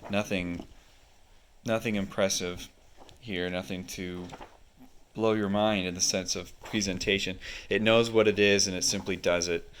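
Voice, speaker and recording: A man with a very deep voice talks through a book page by page. He explains at an easy pace and fills his pauses with ums and uhs, like a casual hobby reviewer. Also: steady tone, slight background noise. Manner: unhurried, explanatory, many fillers.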